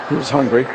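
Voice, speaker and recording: A man preaching a sermon, telling a lively, humorous story to a congregation from a stage microphone. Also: lo-fi sound. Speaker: pastor. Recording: reverberant large hall with faint noise.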